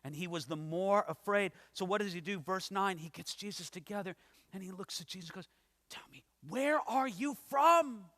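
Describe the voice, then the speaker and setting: A man's voice: high-pitched, fairly even intonation, fairly quick, a bit bright. A man pastor preaching an expository sermon in a church, emphatic and dramatic, acting out the people in the story. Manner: dramatic, acts out scripture characters, emphatic. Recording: long hall reverb.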